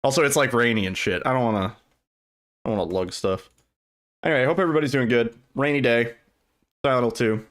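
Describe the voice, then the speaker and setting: A man's voice: medium pitch, quick pace, long pauses, a bit bright. A man streaming a speedrun, chatting casually and rambling as he answers his chat, with some casual swearing. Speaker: livestreamer and speedrunner.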